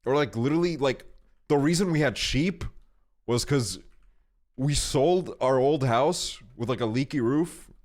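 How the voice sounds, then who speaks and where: Young man, casual stream talk, rambling, lots of cursing, mid-pitched voice. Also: measured pace, a little mellow. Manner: rambling, profane storytelling with frequent fillers.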